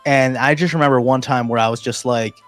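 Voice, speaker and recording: A man's voice: medium pitch, steady tone, fairly quick, fairly bright tone. Guy rambling about his tabletop character, lots of restarts, faint music behind. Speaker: podcast host. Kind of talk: casual chat.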